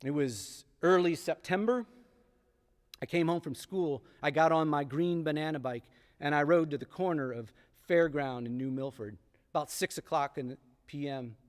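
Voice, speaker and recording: A man telling a personal story live on stage, with dramatic pauses and repeated lines for emphasis. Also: on the high side. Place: historic theatre stage. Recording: long theatre hall reverb.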